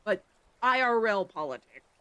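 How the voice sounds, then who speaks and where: A livestreamer chatting casually with the stream chat, rambling and breaking into sudden loud exclamations. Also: medium pitch, big pitch swings, normal speed, dry recording.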